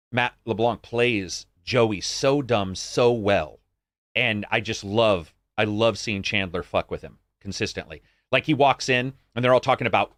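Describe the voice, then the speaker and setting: A man from the United States co-hosting a podcast, chatting casually and swearing freely. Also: no echo. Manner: animated, swears freely, acts out greetings in a higher voice. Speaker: podcast co-host. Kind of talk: casual chat.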